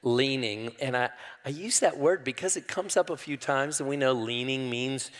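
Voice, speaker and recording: An older man preaching a sermon, folksy and calling the crowd y'all, rising loudly when he quotes scripture. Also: mid-range voice, moderate pace. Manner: preaching with sudden loud rises to quoted scripture. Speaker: pastor. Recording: long hall reverb.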